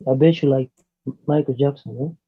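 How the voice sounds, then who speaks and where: A man from Tanzania, a debate guest on a call, halting and searching for words, teasing at times. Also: medium pitch, husky. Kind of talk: casual live debate over a call. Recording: tinny phone-like call line.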